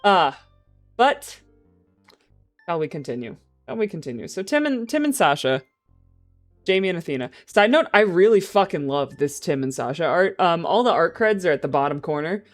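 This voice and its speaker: A woman streaming, chatting casually and excitably, swearing and laughing often. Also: on the low side, normal speed, faint music behind. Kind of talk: casual livestream chat.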